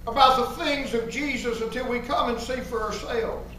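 A man preaches a fervent sermon in a very high, bright voice, repeating his key phrases for emphasis. He sounds far from the microphone, and his voice echoes heavily around the church sanctuary. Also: steady tone, normal speed, a little hiss or hum. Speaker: pastor.

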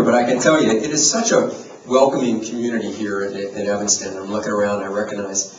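A man's voice: lowish voice, level tone, a little fast, crowd noise. A man from New Jersey, a university president, giving a chatty, self-deprecating welcome speech full of fillers and restarts. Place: reception in a large hall. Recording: roomy hall, mic at a distance, noisy.

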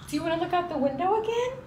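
A woman's voice: extremely high pitch, slight background noise. A young woman filming a home vlog, talking in a playful sing-song way to her toddler and chatting casually to viewers. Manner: sing-song baby talk, playful and animated. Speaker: vlogger and mom. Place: home, indoors. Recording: roomy, slightly distant home camera audio.

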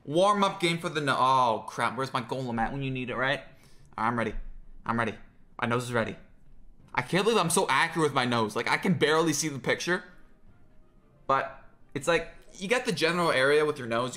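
Excitable young man commentating gameplay. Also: a little high. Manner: excitable, jokey, talks to himself. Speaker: gaming creator.

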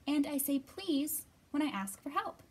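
A woman librarian leading a children's storytime, reading aloud in an expressive, bright manner and acting out the quoted lines. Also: high voice, a little slow.

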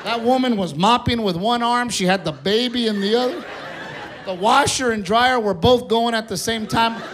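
High-voiced male stand-up comic. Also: moderate pace. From Mexican-American heritage. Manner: animated storytelling, acting out voices. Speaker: stand-up comedian. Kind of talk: stand-up comedy set. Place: live comedy stage. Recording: live club recording, loud crowd. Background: audience laughter.

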